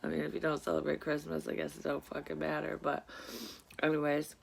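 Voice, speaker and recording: A woman in her thirties, a psychic vlogger, speaks in a low, monotone, gravelly voice at a brisk pace, with slight background noise. In casual chat she rambles and curses with lots of fillers, sounding congested and a bit sleepy.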